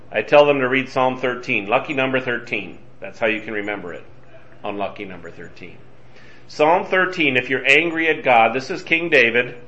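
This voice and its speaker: Bright-voiced man leading a Bible study. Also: medium pitch. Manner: chatty, reads scripture aloud with emphasis. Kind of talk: casual Bible study teaching. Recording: dull lo-fi sound.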